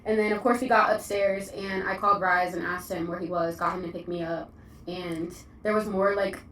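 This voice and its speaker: A young woman with a Southern accent, a content creator telling her story in a chatty, excitable way, full of "like". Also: on the low side, moderate pace, slight background noise. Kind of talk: casual vlog storytelling. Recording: echoey, distant mic.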